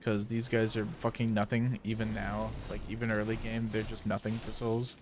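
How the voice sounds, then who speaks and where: A man's voice: lowish voice, monotone, normal speed, darkish tone, slight background noise. A man from South Dakota with a Midwestern American accent, chatting loosely and rambling while he streams a game. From South Dakota, USA. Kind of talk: casual chat while gaming.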